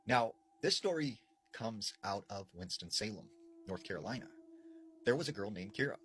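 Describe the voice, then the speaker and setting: A man casually retelling a paranormal story, conversational and animated, with frequent fillers. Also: fairly low pitch, normal speed, a little hiss or hum, rough recording. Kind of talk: casual spoken scary storytelling.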